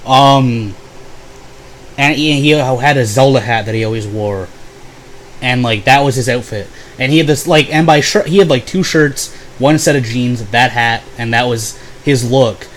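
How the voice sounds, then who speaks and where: A young man casually telling a profane, sarcastic story about old roommates, mocking them in quick voices. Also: mid-range voice, a little hiss or hum, low-quality recording. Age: young adult. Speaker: vlogger.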